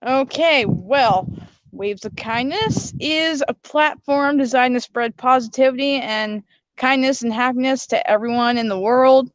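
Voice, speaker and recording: A woman's voice: sits high, unhurried, dry recording, dull audio. A woman hosting her own video, explaining her project patiently and scolding her sidekick character by turns. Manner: patient, then scolding and corrective. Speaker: host presenting her kindness platform. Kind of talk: casual skit and explanation.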